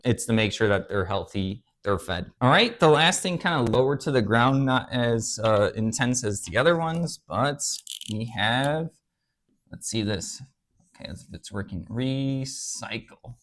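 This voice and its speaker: A man's voice: medium pitch, a bit bright. A young man hosting his own channel, talking casually and earnestly, rambling with fillers and restarts as he explains his views. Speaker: eBay reseller, channel host. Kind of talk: casual talk to camera while drawing on a board.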